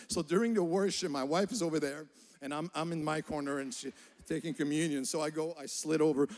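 Older male pastor, earnest sermon delivery with stumbling repeats, slightly raised pitch, long hall reverb. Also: brisk, darkish tone. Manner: earnest, repeats words while building a point. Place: church hall.

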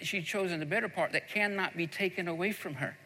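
A man's voice: sits high, a little fast, bright, forceful tone. A man preaching a sermon, building to fervent, emphatic delivery. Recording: long hall reverb.

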